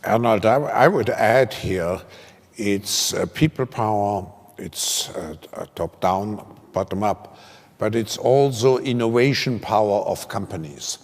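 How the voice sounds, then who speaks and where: A male moderator with a very deep voice speaks haltingly, searching for words between fillers. The sound carries the long reverb of a large hall. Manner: halting, many fillers and restarts. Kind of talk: onstage conversation. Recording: echoey hall.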